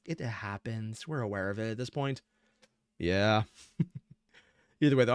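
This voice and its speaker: A man in casual reaction commentary, excitable and giggly, with rambling asides, on a close mic. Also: mid-range voice, no room sound. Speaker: reaction video host.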